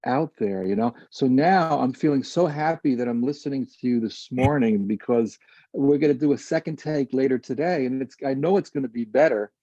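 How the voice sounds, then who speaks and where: A man's voice: mid-range voice, a little fast, dark tone, no room sound, highs cut off. A man asking a question on a video call, talking in a rambling, earnest way.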